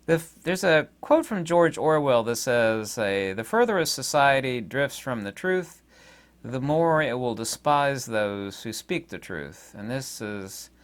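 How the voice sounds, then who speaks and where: Casting note: middle-aged American man, indignant solo commentary, lively swooping pitch. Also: measured pace. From United States. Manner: indignant, rambling, with sarcastic asides. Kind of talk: casual political monologue.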